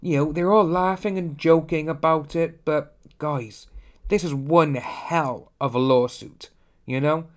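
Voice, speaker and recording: A man's voice: on the high side, fairly even intonation, unhurried. A young man hosting a casual opinion commentary, talking bluntly and ranting, often mimicking others. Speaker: commentary channel host.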